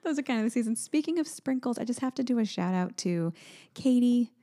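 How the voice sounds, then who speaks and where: A woman's voice: on the high side, animated, brisk, mellow. A woman co-hosting a casual chat, telling family stories with frequent laughs. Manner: chatty storyteller, laughs often. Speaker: podcast co-host.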